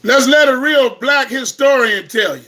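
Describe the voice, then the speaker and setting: A man giving an impassioned, preaching-style lecture to online viewers, repeating himself and breaking into shouts. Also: very high-pitched, moderate pace. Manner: impassioned, repetitive, bursts into shouting. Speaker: host of an online talk.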